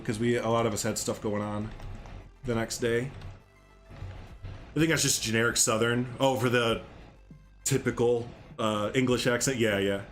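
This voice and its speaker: A man from the American Midwest with a Chicago accent, chatting quickly and laughing often while streaming a game. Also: medium pitch. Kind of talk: casual game stream chat.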